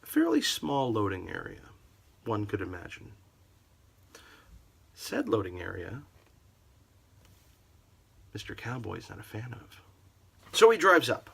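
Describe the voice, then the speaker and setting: A man's voice: fairly low pitch, huge pitch swings, unhurried, vocal fry, long pauses, fairly bright tone, husky. A man telling a comic story about a customer in a sarcastic, theatrical way. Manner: theatrical, sarcastic, wildly varied delivery.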